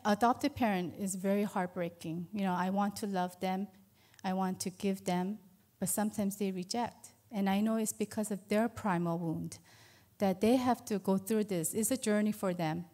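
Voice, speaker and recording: A woman's voice: mid-range voice, steady tone, measured pace, mellow. A woman in her fifties giving a personal church testimony as an adoptive mother, earnest and conversational with many fillers. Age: 50s.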